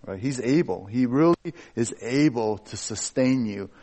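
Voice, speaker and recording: A man's voice: medium pitch, lively intonation, measured pace, dark tone. A middle-aged man, a pastor, giving a conversational sermon in a candid, personal way and joking about himself.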